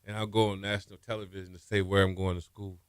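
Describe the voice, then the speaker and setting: Man in his fifties, kinda low voice, easy storyteller, dry mic. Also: quick pace, smooth, no echo. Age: 50s. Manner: relaxed storyteller, trails off softly. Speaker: former college quarterback guest. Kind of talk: interview storytelling. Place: radio studio.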